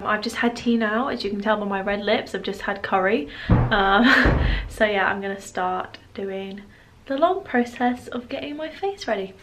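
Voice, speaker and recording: A young British woman vlogging to the camera from her room at home, chatty and giggly, her voice slightly hoarse. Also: medium pitch, moderate pace, heavy background noise. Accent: British English. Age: young adult. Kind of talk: casual vlog chat. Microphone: camera mic, filming herself.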